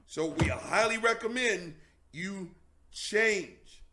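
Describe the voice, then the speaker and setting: A male show host delivering a heated, profane, mocking commentary rant, sometimes shouting. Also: sits high, unhurried, background noise.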